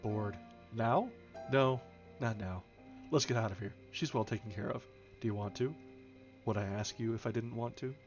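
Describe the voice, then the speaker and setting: Man reading a novel over soft music. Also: on the low side, moderate pace, long pauses. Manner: steady reading with small restarts, light character voices. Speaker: audiobook reader, streamer. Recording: slightly dull home stream audio with soft background music. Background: faint background music.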